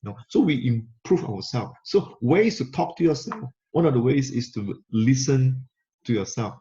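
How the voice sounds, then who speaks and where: A man's voice: mid-range voice, lively intonation, normal speed, mellow. A man giving a motivational talk to camera, coaching listeners and repeating key phrases for emphasis. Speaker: motivational speaker. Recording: slightly muffled lo-fi recording.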